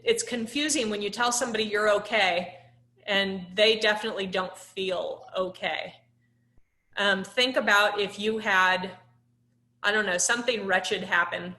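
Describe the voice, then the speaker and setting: A woman's voice: mid-range voice, bright, forceful tone, roomy sound. A woman instructor teaching a live online class over a laptop microphone. She talks in a conversational way, with many "um"s, and puts questions to the class.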